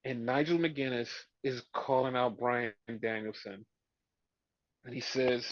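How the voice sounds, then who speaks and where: A man's voice: mid-range voice, steady tone, unhurried, no room sound, dull audio. A man co-hosting a podcast, ranting with exasperation about a wrestling show and swearing freely. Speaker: podcast co-host. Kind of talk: casual wrestling review chat.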